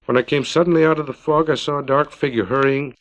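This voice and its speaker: A man in his fifties from California reading his own story in a measured, plain storytelling narration, on a dull lo-fi 1950s record. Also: on the high side, steady tone.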